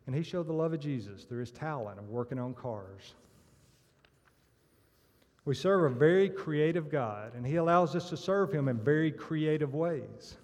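A man speaks from the front of a church, telling stories and acting out their punchlines. His voice sits a little high for a man. The sound carries a long reverb from the hall. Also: animated, normal speed, a little mellow. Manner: storytelling with acted punchlines. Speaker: church member giving testimony. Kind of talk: sermon-style church talk. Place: church sanctuary.

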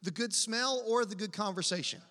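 A man preaching a sermon to his congregation, animated and drawing the crowd into call and response. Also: sits high, normal speed, big-room sound. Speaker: pastor. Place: church hall.

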